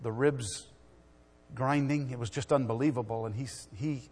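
A middle-aged man preaches in a church, rising to loud exhortation and then dropping to hushed storytelling. His voice sits at an ordinary pitch. It rings with the long reverb of a big hall. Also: fairly even intonation, normal speed, husky. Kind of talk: sermon.

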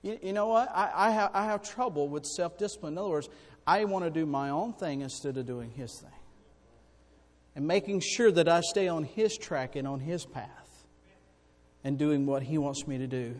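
Male preacher, high voice, folksy storytelling, long reverb from a church hall. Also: moderate pace. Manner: folksy, animated storytelling with sudden loud bursts. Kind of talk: sermon with personal stories.

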